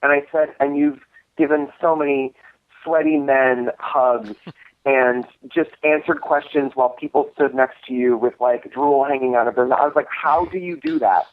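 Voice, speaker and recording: A man who co-hosts a cult film screening series rambles through a long story in a casual interview, restarting often and filling gaps with fillers. His medium-pitched voice is steady and moves at a normal speed, with no echo. The audio sounds tinny, like a phone line.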